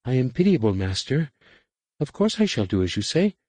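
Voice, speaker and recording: A fretful, servile alien adept, as a man reads her in a sci-fi audiobook voices worried objections in a raised, anxious tone. The voice stays husky, the recording dry and close. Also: medium pitch, very animated, moderate pace, mellow, no room sound, pitched above the performer's own voice. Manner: deferential, worried pleading.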